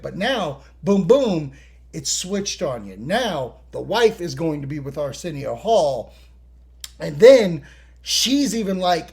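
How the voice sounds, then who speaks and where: A podcast host whose voice sits high speaks a little slowly as he recaps a TV episode. His talk is casual, animated, and profane, and he acts out scenes.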